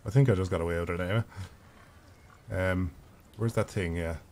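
A man's voice: sits low, a little mellow. A man in his thirties with an Irish accent, chatting casually and swearing freely while streaming a video game. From Ireland. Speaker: gaming streamer. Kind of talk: casual live gameplay commentary.

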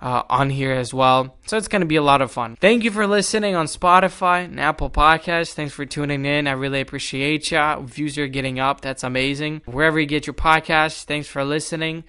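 A young man hosting a solo podcast, telling stories in an animated, exasperated way. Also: fairly high pitch, brisk, few pauses, clean tone. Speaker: podcast host.

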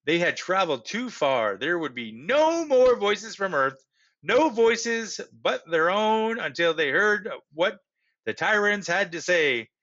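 A man, a teacher, reading a children's storybook aloud with expressive narration. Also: high-pitched, slow pace, lo-fi sound.

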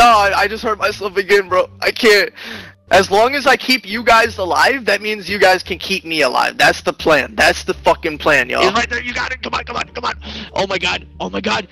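An excitable young man on a headset mic in game voice chat, talking with a high, bright voice. He rambles and swears and tosses in "bro" nearly every line, with faint music behind him. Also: vocal fry, poor audio. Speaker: online player in game voice chat. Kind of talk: casual gaming voice chat.

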